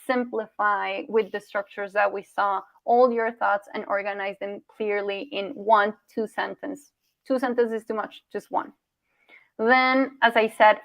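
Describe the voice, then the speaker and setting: A woman's voice: mid-range voice, no room sound. Woman, communication coach, encouraging, dull lo-fi sound. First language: Spanish. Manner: encouraging, asks "right?" often, with restarts. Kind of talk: online workshop presentation.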